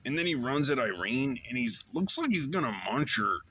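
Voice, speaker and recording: Bright-voiced man rambling through a recap. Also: mid-range voice, very animated, normal speed, slightly rough. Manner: rambling, loose retelling with fillers. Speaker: show host. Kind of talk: casual episode recap.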